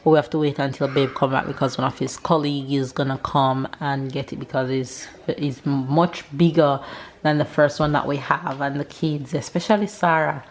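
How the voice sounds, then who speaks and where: A Jamaican woman in her thirties, a family vlogger, chats casually to camera at home, a little scattered and using Jamaican English grammar. Her very deep voice is steady and moderately paced, with slight background noise.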